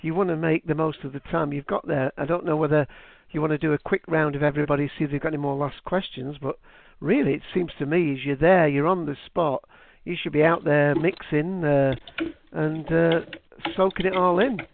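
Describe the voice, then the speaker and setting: A man's voice: fairly high pitch, steady tone, fairly quick, vocal fry, dry recording. A man hosting a podcast, chatting casually, rambling and encouraging with many fillers. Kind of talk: casual chat. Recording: dry tinny phone line.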